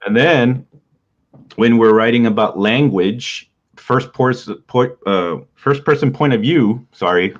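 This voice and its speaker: A man hosting a writing podcast, explaining in a relaxed, rambling teaching talk with frequent small laughs and a stuffy nose. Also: mid-range voice, takes it slowly. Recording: dull lo-fi sound.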